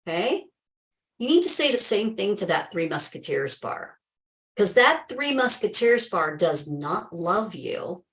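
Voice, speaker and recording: A woman's voice: medium pitch, very animated, slow pace, pauses often, rough recording. A woman talks straight to her live-stream viewers as a health coach, calling them by name. She is emphatic and chatty, full of exclamations, with remarks of faith mixed into her advice.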